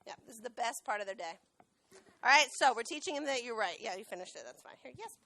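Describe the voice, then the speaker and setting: A woman who trains dogs, giving a lively classroom talk and often asking the students questions. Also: fairly high pitch, fast talker. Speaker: dog trainer and veterinary technician. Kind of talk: classroom talk with a live dog demo. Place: school classroom.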